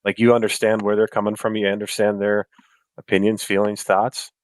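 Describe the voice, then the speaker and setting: A man co-hosting a podcast in casual chat, making emphatic points and quickly agreeing. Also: lowish voice, little pitch movement, no room sound. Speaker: podcast co-host.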